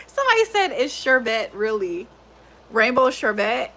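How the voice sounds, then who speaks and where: Bright, high-voiced woman chatting on a livestream. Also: a little slow, pauses often. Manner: animated, laughing often, swearing freely. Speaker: livestream host. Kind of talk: casual livestream chat.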